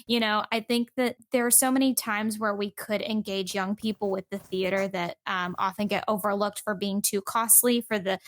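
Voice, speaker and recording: Woman guest on a chat podcast: slightly high, chatty, talks in loose filler-laden runs, dry mic. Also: dry recording. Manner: chatty storyteller, many fillers like "like".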